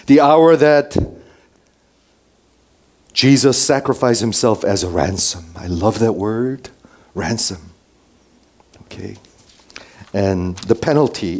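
A male pastor preaching a sermon to a congregation, swinging between raised emphasis and hushed near-whispers and often checking in with "okay?". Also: fairly low pitch, lively intonation, slow pace, pauses often. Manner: checks in with the listeners with frequent "okay?". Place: church before a congregation.

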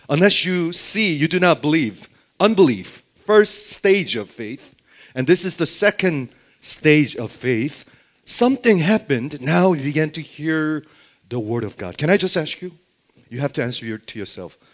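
A man preaching a Bible sermon who keeps asking his listeners rhetorical questions and checking in with "okay?". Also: a little high.

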